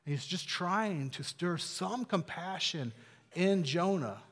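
A man preaching a sermon in an earnest way, dropping to hushed tones and then building to emphatic peaks. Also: sits high, expressive, slow pace. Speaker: pastor. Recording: long hall reverb.

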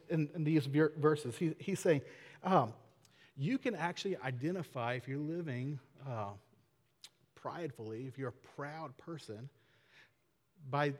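A man preaching a casual, conversational sermon, asking rhetorical questions with small laughs. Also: on the high side. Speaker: pastor. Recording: long hall reverb.

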